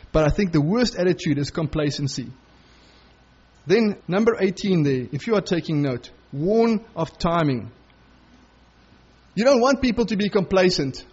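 A man preaching a sermon as pastor, emphatic, his voice climbing higher when he urges his listeners. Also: a little mellow, slightly rough, dull audio. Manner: emphatic, rising to a higher pitch when urging.

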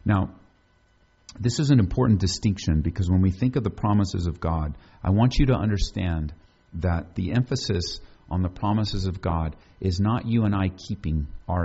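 A man's voice: low voice, creaky, warm tone, husky, muffled recording. A man preaching a sermon in a conversational way, putting questions to the congregation. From United States. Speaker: pastor.

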